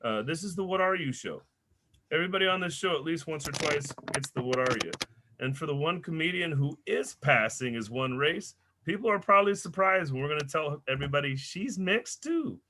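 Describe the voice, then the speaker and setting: A young man hosts a stand-up comedy show, telling loud, animated stories full of swearing and punchy character voices. His voice is on the high side and brisk, and there is background noise.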